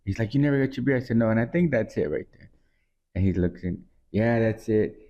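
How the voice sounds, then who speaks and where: A man co-hosting a podcast, chatting casually and telling a relaxed anecdote. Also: lowish voice, a little fast. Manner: easygoing listener, lots of "yeah", relaxed anecdote telling. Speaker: podcast co-host. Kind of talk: casual chat. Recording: dull lo-fi sound.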